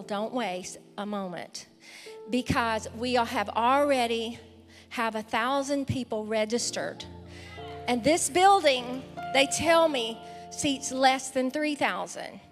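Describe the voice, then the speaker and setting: High-voiced Southern woman pastor welcoming visitors. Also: long reverb tail. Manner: enthusiastic, calls out to the congregation. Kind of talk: church welcome and announcements. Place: large church sanctuary with a congregation. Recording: live church service with music and crowd.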